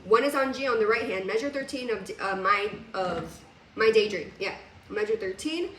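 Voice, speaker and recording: A woman's voice: mid-range voice, expressive, moderate pace, a bit bright, echoey room, recorded from a distance, slight background noise. A woman teaching a piano lesson on video, chatty and casual, laughing now and then. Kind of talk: recorded music lesson. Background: piano playing.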